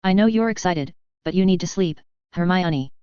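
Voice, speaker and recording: An easygoing father with a good-humored manner, voiced by a woman reading aloud. Her voice stays low and very clear. The recording is dry and slightly dull. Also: normal speed, mellow, no room sound, lightly acted. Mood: amused.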